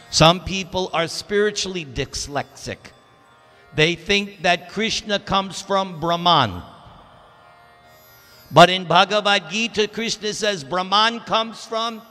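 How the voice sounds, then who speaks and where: Bright-voiced man lecturing in a temple hall. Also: a little high. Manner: emphatic, drawn-out teaching delivery. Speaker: temple class speaker. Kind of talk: scripture class lecture. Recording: reverberant temple hall with faint music.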